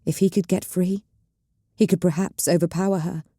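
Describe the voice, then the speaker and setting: A woman telling a science fiction audiobook as calm, measured bedtime story narration. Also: on the low side, dry recording, studio quality.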